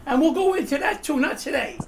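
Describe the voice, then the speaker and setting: A man's voice: very high-pitched, fast, slight background noise. A man hosting a casual political chat show over a video call, joking and rambling as he introduces his guest. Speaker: host.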